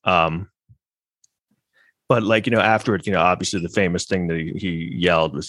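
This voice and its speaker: A man reacts to clips in a loose, rambling commentary, sarcastic and mocking, with frequent swearing. His voice sits fairly low, and the recording is dry and close. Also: steady tone, normal speed, long pauses, fairly bright tone, no echo. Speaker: podcast host.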